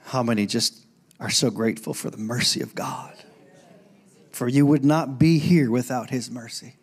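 A middle-aged man preaching a sermon in a church, animated, breaking into loud calls when he quotes. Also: mid-range voice, normal speed, breathy edge. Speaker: pastor. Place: church sanctuary.

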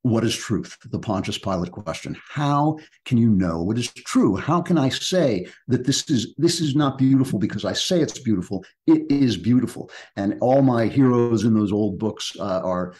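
A man's voice: medium pitch, animated, normal speed, few pauses, a little mellow. A man speaking as a podcast guest author, reflective and emphatic, often restarting his sentences. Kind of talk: podcast interview conversation.

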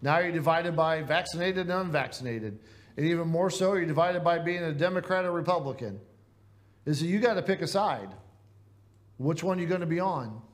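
Earnest Midwestern preacher man, fairly high voice. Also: fairly quick. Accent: Midwestern American. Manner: earnest, conversational preaching with rhetorical questions. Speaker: pastor. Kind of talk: sermon. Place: church.

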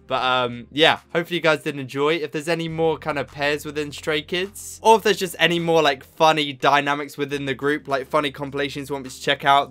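A man talks casually to his viewers while he reacts to a clip, upbeat and full of filler "likes". His voice is bright and a touch high for a man. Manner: chatty and upbeat, says "like" often. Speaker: reaction video host.

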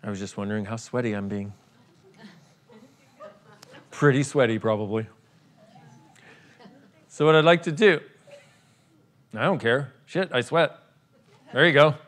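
A man's voice: mid-range voice, a little slow, pauses often, fairly bright tone. A man leading a live workshop for an audience, irreverent and playful, joking, swearing and laughing as he talks. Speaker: workshop facilitator.

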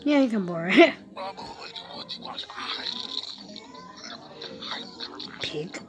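High, animated woman playing a game. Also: drawn-out words, loud music behind the voice. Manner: excitable, panicky, repeats words in bursts. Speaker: gameplay commentator. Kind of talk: casual gameplay commentary.

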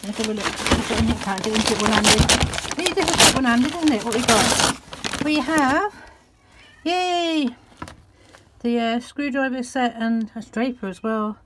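A woman chatting excitedly on a casual vlog as she opens a parcel. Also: a little high, a little fast, background noise. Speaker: vlogger. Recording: loud crinkling and clicks close by.

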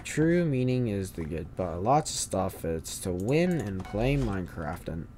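A man hosting a gaming channel, rambling through Minecraft commentary and bursting into loud angry yelling. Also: low voice, very animated, unhurried, hardly any pauses.

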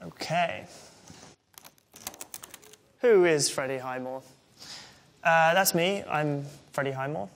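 This English man in his twenties, an interviewee, reads questions aloud and answers them with wry, self-deprecating humor. His voice sits a little high and fairly bright, with vocal fry, a slow delivery, and long pauses.

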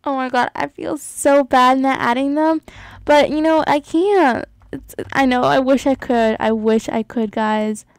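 A woman's voice: high-pitched, steady tone, unhurried, no echo, rough recording. A young woman chatting casually as she plays, gushing and giggling often as she comments on her game. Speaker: gaming YouTuber.

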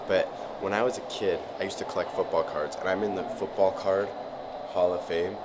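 A man vlogging with a handheld camera as he walks a museum hall, gushing with excitement. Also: sits low, fairly quick. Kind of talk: casual vlog commentary. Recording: noisy background.

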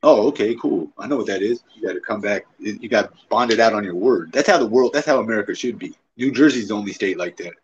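Male livestream host, lowish voice, teasing and prodding, dull lo-fi sound with faint hiss. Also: fast, hardly any pauses. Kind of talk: casual livestream chat.

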